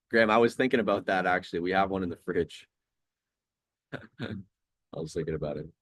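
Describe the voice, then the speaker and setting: Laid-back deep-voiced man streaming trades. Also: normal speed, fairly bright tone. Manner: laid-back, chatty, reads chat aloud. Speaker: trading livestream host. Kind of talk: casual live-stream commentary.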